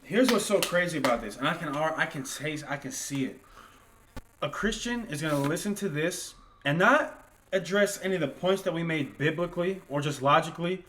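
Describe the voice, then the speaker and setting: A man's voice: on the high side, expressive, fairly quick, pushed and bright, low-quality recording. A man co-hosting a livestream Bible class, reading verses aloud and commenting bluntly, with profanity. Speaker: co-host reading scripture.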